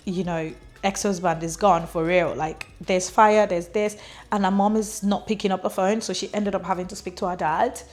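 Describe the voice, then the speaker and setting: A woman's voice: medium pitch, a little mellow. A woman giving a casual spoken summary of a novel, chatty, with lots of "like" and small laughs as she retells the story. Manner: chatty, fills speech with "like", laughs while retelling. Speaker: book reviewer.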